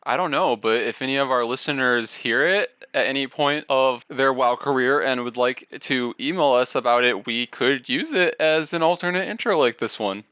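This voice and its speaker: A man's voice: mid-range voice, moderate pace, hardly any pauses, pushed and bright, smooth, no echo, studio quality. A man co-hosting a casual gaming podcast, friendly and earnest. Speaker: podcast co-host.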